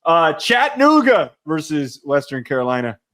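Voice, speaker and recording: A young American man co-hosting a casual sports podcast, loud, excitable and joking. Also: fairly high pitch, normal speed. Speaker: podcast co-host.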